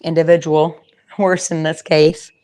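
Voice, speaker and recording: A woman's voice: low voice, level tone, measured pace, mellow, clean tone. Rambling, chatty woman coaching with horses. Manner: rambling and chatty, many fillers and restarts. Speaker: horse trainer and confidence coach. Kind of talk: casual teaching talk.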